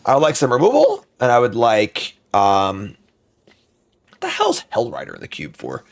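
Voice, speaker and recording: A man with a gravelly edge to his voice talks through a card game draft from a home streaming setup. His pitch swings widely, from low muttering up to sharp exclaimed bursts. The talk is casual and unscripted, full of thinking aloud. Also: wildly swooping pitch. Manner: muttering, thinking aloud, quick outbursts of frustration.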